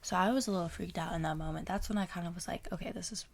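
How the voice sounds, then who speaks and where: A young woman co-hosting a podcast, telling a creepy story in casual chat and dropping into hushed whispers for suspense. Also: lowish voice, racing, vocal fry. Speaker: podcast co-host.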